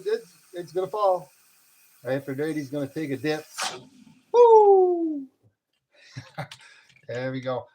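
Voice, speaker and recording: A man chatting casually on a live stream about his metal casting, excitable, often whooping and laughing. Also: fairly high pitch.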